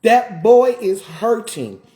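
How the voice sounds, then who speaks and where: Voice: mid-range voice, expressive, slow, warm tone. A live streamer ranting in heated commentary, repeating points, firing off rhetorical questions and breaking off to greet viewers. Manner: emphatic, repetitive, rhetorical questions; greets viewers mid-rant.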